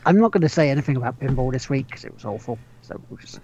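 A man's voice: mid-range voice, animated, very fast, mellow. Easygoing man on muffled audio. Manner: laughing, easygoing. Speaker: podcast co-host. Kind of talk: casual gaming chat.

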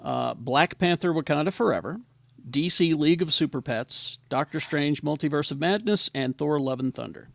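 A man with a slightly high, gravelly voice hosts a relaxed group chat, running through lists of nominees. The sound is dry and close, with no room around it. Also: normal speed, no room sound. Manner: reads out award nominees in lists. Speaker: host.

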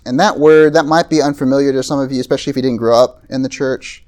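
A pastor gives an evening talk to a campus group, preaching in a relaxed, conversational style full of asides and filler like "right?" and "like." His voice is mid-range and a little mellow, with a steady tone, and he speaks fast with few pauses.

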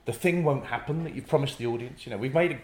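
A man talking casually as a guest about improv comedy, switching into quick acted-out bits of dialogue as he explains. His voice sits at a middling pitch and carries a noticeable echo from the room. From North East England. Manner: animated storyteller acting out little scenes. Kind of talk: casual interview chat. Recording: echoey room.

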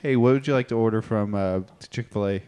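A man puts on a flat, unbothered fast-food counter worker with a lowish voice. He stumbles through the order in a deadpan, halting way. There is barely any change from his own everyday voice. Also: clear, resonant tone, lightly acted. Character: bored adult male fast-food worker.

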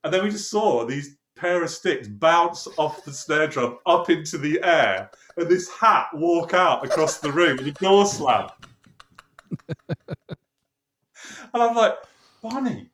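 A man with a slightly high voice recalls a recording session in casual chat. He slips into quoted voices and laughs through the tale. The sound is roomy and echoey. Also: unhurried, a little hiss or hum. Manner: lively storyteller, acts out quoted dialogue, laughs often. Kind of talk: casual anecdote.

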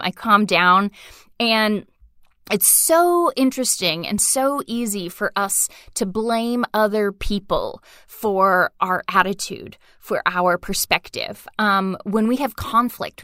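A young woman co-hosting a podcast speaks in an earnest, reflective way, filling her pauses with soft "um"s. Her voice sits in a middle pitch. The recording is dry and close, with no room sound. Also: no room sound. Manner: earnest, reflective storytelling with frequent "um". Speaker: podcast co-host. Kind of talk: conversational podcast talk.

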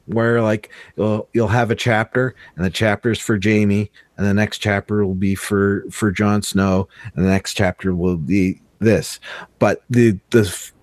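A man's voice: lowish voice, darkish tone, dry recording, studio quality. A man co-hosting a casual podcast roundtable, rambling and repeating words as he thinks aloud. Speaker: podcast co-host.

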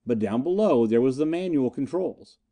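A man reading a first-person adventure tale with tense, dramatic delivery. His pitch moves a lot, rising and falling through the lines. The tone is dark and mellow. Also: lively intonation, normal speed. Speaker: audiobook narrator. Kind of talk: scripted first-person narration.

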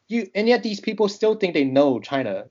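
Ranty guy from texas talking fast and lively, sounds a bit dull and lo-fi. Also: high-pitched. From Texas, United States. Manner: animated, ranting, quick bursts. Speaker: podcast guest. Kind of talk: casual chat.

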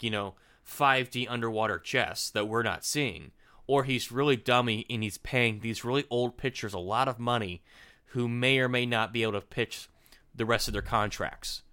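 Podcast co-host, male, bright forceful tone, casual ranting delivery. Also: medium pitch. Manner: animated, repeats and restarts words. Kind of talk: casual opinion chat.

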